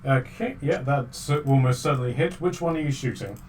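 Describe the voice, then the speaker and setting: A man's voice: medium pitch, a little fast, darkish tone, soft background music. A man narrating a tabletop game as game master, casual and hesitant with many fillers.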